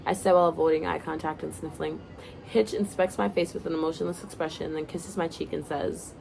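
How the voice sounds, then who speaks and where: Woman, story reader, casual asides, gravelly, faint background noise. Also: low-pitched, fairly even intonation, fairly quick. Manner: casual, breaks off to laugh and comment. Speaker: reader of her own story. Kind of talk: first-person story reading.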